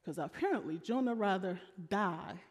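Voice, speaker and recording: A woman pastor preaching a sermon in an animated, humorous, colloquial storytelling style. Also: mid-range voice, normal speed. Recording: long reverb of a large hall.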